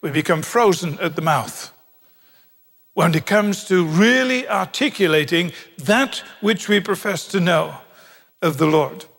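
A British man preaching a sermon, animated and humorous, acting out quoted voices in his stories. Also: high-pitched, measured pace, vocal fry. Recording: long hall reverb.

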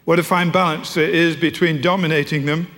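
Wry storytelling preacher, high voice. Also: male voice, little pitch movement, brisk, a bit bright. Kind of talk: sermon. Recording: echoey hall.

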